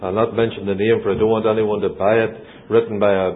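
A man's voice: fairly low pitch, little pitch movement, fast talker, a little hiss or hum. A man earnestly explaining a point in a Bible study discussion. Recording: tinny phone-line recording.

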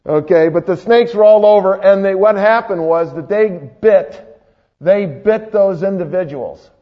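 A male pastor with a high voice preaches casually and keeps asking his congregation questions. His voice rings through a long hall, and the recording sounds dull and lo-fi. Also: measured pace. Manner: conversational, quizzes the congregation. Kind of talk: sermon.

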